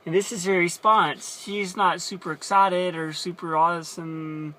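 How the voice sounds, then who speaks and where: A man's voice: high-pitched, steady tone, unhurried, sharp tone. A man casually retelling a Bible story as a teacher, chatty and explaining as he goes.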